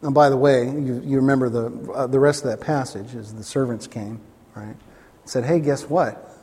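A man preaching a sermon as a pastor, telling stories animatedly and acting out the voices in them, jumping up to excited highs. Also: normal speed, husky. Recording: long hall reverb.

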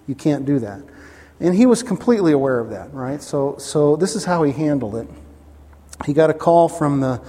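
A man preaching a sermon as a pastor, telling stories animatedly and acting out the voices in them, jumping up to excited highs. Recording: long hall reverb.

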